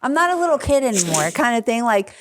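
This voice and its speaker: A woman comedian hosting a podcast, telling stories in an animated, casual way with plenty of swearing. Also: on the high side, fast talker, slight background noise. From Jacksonville, Florida. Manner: animated storytelling, frequent swearing and laughter. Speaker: podcast host and stand-up comedian. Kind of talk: casual conversational interview.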